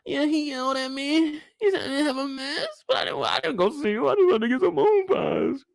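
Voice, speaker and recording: Weepy young woman, high and strained, pleading her case, as a man mocks her. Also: a little fast, vocal fry, dry recording, studio quality. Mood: tearful. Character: tearful young woman whining her excuses.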